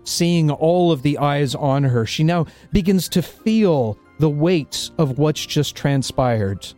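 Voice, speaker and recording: A man narrating a tabletop role-playing game as dungeon master, describing scenes slowly with small hesitations. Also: a little high, animated, darkish tone, soft background music.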